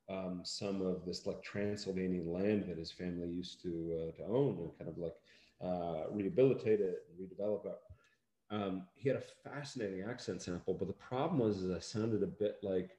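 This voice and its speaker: Low-voiced rambling American man, roomy sound. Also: warm tone. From United States. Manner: rambling, halting, many fillers and restarts, dry humor. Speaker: actor interviewed about a film. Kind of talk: casual interview chat.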